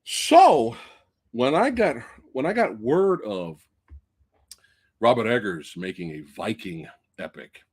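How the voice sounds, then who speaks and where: Man, movie review host, casual live-stream chat, profane, excitable, very lively pitch. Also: slow pace, breathy edge. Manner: excitable, swears freely; chatty, addresses viewers directly.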